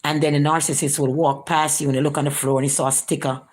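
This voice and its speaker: A woman recounts events in a casual vlog, her everyday voice sitting low. She slips into higher, animated voices whenever she quotes someone. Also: quick pace.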